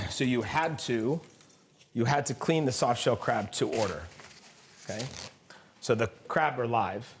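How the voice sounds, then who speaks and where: A man's voice: mid-range voice, unhurried, pauses often, slight background noise. A man, a chef, chatting casually while cooking in a demo kitchen, telling stories with frequent laughs and restarts.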